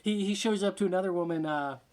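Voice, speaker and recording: A man preaching a sermon with passion, often sinking to a hushed near-whisper for emphasis and repeating words as he gathers his thoughts. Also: high voice, fast, a little hiss or hum. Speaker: pastor.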